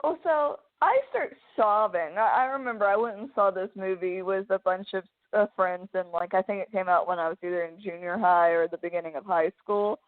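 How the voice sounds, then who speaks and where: A young woman chats loosely on a podcast, circling back and restarting her sentences as her feelings run high. Her voice sits in a middling pitch. The sound is narrow and tinny, as if over a phone line. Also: fairly quick, hardly any pauses. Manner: rambling, emotional, many restarts. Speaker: podcast host. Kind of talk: casual chat.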